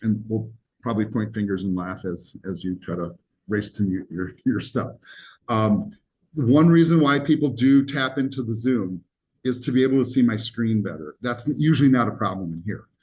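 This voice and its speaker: A man with a low voice teaches a college class in a classroom. He explains casually and rambles, with joking asides. Faint room noise hums behind him. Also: normal speed, darkish tone, low-quality recording. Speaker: college instructor. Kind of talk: live classroom lecture.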